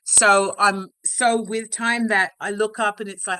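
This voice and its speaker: Chatty woman with a bright voice. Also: mid-range voice, steady tone, unhurried, clean tone. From London, England. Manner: chatty, frequent "right?" and "you know" tags. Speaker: life coach guest. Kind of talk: casual interview chat. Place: home office.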